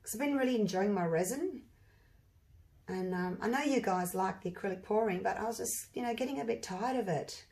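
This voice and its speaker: A woman with a husky voice talks casually as she works on a painting, thinking out loud as she goes. She breaks into bursts of excitement over the results. Her pitch sits right in the middle. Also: fairly quick. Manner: chatty, thinks aloud, bursts into excited exclamations. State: husky voice from allergies. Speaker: acrylic pour artist. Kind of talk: casual demonstration while working.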